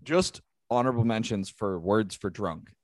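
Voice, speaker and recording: A man's voice: on the low side, moderate pace, darkish tone, dry recording, studio quality. A man chatting casually on a podcast in a playful way, acting out silly quoted lines. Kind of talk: casual chat.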